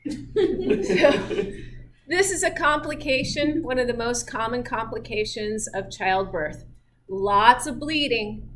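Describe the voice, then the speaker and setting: A woman's voice: fairly high pitch, takes it slowly, slight background noise. Chatty, laughing woman lecturer. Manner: chatty, laughs often, lively storytelling. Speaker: physiology instructor. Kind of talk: lecture with personal anecdotes.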